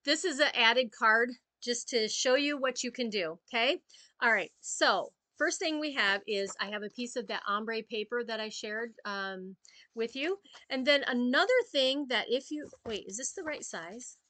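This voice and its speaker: A woman chatting through a live papercraft demonstration, filling pauses with ums as she works. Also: fairly high pitch, pushed and bright, no echo. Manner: chatty, many ums, talks while working. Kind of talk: casual live craft demo.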